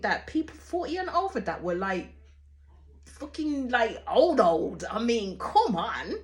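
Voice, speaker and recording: A woman's voice: on the high side, expressive, measured pace. A woman, giving blunt, chatty reaction commentary and swearing freely. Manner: chatty, rambling with restarts. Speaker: reality show reactor.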